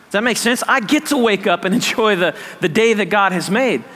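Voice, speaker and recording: A man's voice: high voice, expressive, a little fast, sharp tone, long reverb tail. A man preaching a sermon, emphatic and repetitive, often checking that listeners follow. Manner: emphatic, repeats phrases, asks "does that make sense". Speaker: pastor.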